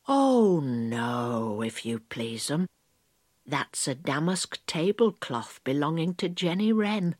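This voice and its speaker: A woman's voice: sits low, very animated, slow, dry recording, clean studio sound, full character voice. A woman putting on Mrs Tiggywinkle, a bustling hedgehog washerwoman. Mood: polite, eager. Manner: bright polite chatter, eager exclaiming "oh". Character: small bustling female hedgehog washerwoman, polite and busy. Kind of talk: storybook read-aloud.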